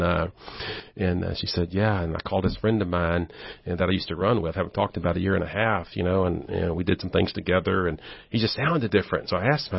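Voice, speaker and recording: A man who is a guest on an interview show, telling stories in a casual, animated way and acting out the voices of the people he quotes. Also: deep voice, creaky, slightly rough, no room sound. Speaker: ministry volunteer guest. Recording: dull lo-fi audio.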